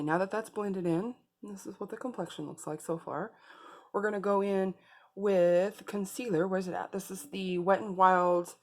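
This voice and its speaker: A woman beauty vlogger talking viewers through a makeup tutorial in a casual, chatty way, speaking straight to them. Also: on the low side.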